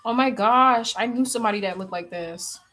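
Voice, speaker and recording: A woman's voice: fairly high pitch, a little fast, pushed and bright. A young woman chatting casually on a livestream, reading comments aloud, blunt and laughing often. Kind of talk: casual chat.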